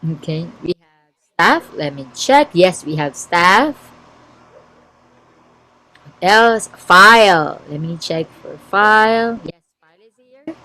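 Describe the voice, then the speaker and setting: A woman's voice: fairly low pitch, lively intonation, takes it slowly, long pauses, sharp tone, rough recording. A woman with a Filipino English accent, teaching an online class and reading out and checking her students' answers in a word game. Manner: checks answers aloud, encouraging.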